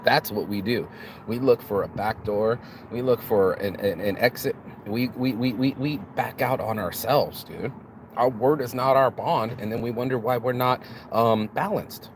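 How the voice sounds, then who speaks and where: A man's voice: mid-range voice, normal speed, poor audio. Preachy man musing outdoors by traffic. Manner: preachy, rhetorical questions, repeats and restarts words. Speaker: motivational vlogger. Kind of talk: unscripted motivational monologue.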